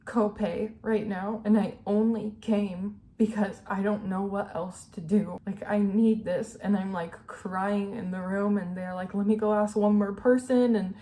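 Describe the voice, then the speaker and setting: A woman's voice: mid-range voice, flat delivery, unhurried, hardly any pauses, dark tone, slight background noise. A young adult woman speaking candidly and emotionally in a personal vlog, full of "like" and "you know". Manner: earnest, emotional, filler-heavy with "like" and "you know". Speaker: vlogger.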